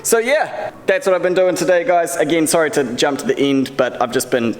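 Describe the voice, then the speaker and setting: A man's voice: a little high, fairly quick, in a large hall. Chatty New man vlogging. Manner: relaxed, rambling, chatty with viewers. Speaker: car audio vlogger. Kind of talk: casual vlog to camera.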